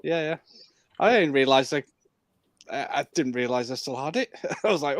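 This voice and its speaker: A man co-hosting a casual chat, speaking in a halting way with pauses and fillers. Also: medium pitch, animated, no room sound.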